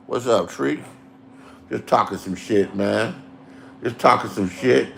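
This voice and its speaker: A middle-aged man, telling profane street stories in a loose, animated way. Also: medium pitch, slow, vocal fry, long pauses. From Inglewood, Los Angeles. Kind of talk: casual storytelling.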